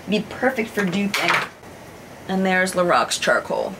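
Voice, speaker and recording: A woman beauty vlogger doing a makeup review, showing swatches, gushing and exclaiming with excitement. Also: lowish voice, a little slow, noisy background.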